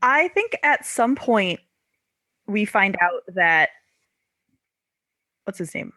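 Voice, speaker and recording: A woman's voice: mid-range voice, very animated, slow pace, bright, forceful tone, no echo. A woman hosting a casual book discussion podcast, laughing often and correcting herself as she goes. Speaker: podcast host.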